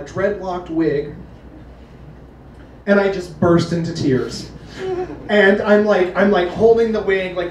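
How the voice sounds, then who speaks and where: Animated young man telling a story. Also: fairly high pitch. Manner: animated, laughing, many restarts and repeated words. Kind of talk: personal storytelling to a live audience. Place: live event venue. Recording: echoey, distant from mic, faint noise.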